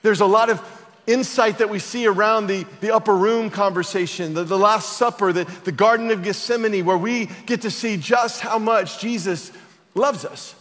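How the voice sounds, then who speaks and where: A man's voice: high voice, normal speed, fairly bright tone. A man preaching a sermon as pastor, emphatic and building to passionate declarations. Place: church auditorium. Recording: long reverb of a large hall.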